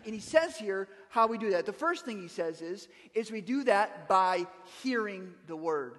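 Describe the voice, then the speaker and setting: A man's voice: sits high, a bit bright, long reverb tail. A man preaching a sermon as pastor, speaking in a conversational way with frequent restarts and asides.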